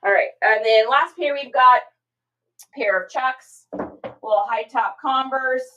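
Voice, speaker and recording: A woman's voice: high-pitched, takes it slowly, bright, forceful tone, highs cut off. Chatty woman streaming from home. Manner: chatty and rambling, many fillers, reads chat aloud. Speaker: online reseller hosting a livestream. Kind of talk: casual livestream chat.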